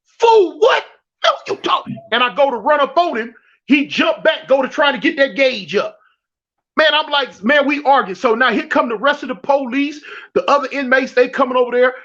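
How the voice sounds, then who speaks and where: This guest, from South Central Los Angeles, tells his prison story with slang, repetitions and acted-out quotes. His very high voice is bright and forceful, a little fast, and the audio is dull and lo-fi.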